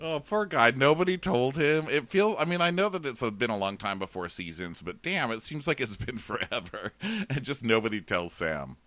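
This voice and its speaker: A man's voice: moderate pace, dry recording. A man co-hosting a podcast, chatting casually and animatedly about a TV episode. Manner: animated, jumps into high silly voices for characters. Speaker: podcast co-host. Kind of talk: casual recap chat.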